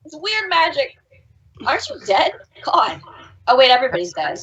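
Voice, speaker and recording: A woman's voice: sits high, normal speed, poor audio. A woman playing a tabletop game on a live stream, bantering and laughing. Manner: laughing, animated in-character banter. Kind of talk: casual play on a live stream.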